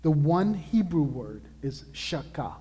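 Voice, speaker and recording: A man preaching a sermon as pastor, earnest and emphatic, slowing down to stress key words. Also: fairly high pitch, big pitch swings, mellow, slightly rough, big-room sound. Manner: earnest, emphatic preaching with slow drawn-out lists.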